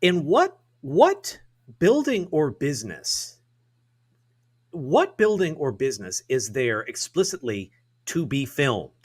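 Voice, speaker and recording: A man chats on a talk show, his pitch swinging up and down as he talks. He stresses his words deliberately to drive each point home. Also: slightly rough. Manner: deliberate, emphatic, lively pitch. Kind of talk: casual chat.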